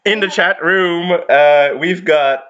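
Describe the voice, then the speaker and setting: Male co-host, very slow and bright, reads the chat; lo-fi audio. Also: high voice. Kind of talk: casual livestream Q&A.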